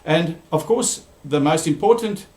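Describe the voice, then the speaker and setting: Presenter: man, animated talk, slightly high pitch, roomy echo. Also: a little slow. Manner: animated, shifting pitch for characters. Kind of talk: storytelling then live online talk. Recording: echoey room.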